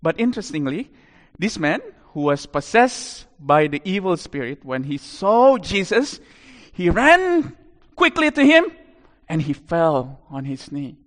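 A male preacher delivering a sermon in a fairly high voice. He tells the story animatedly, rising and falling in loudness, and the sound carries a long hall reverb. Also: sing-song, a little slow.

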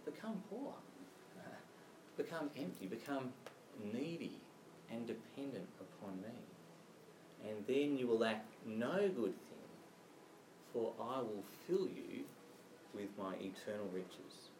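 A stern, commanding teacher speaks, as a preacher puts him on, firm and measured. His pitch still rises and falls widely. The sound is roomy, from a mic placed well back. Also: very animated, far from the mic, noisy background. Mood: solemn.

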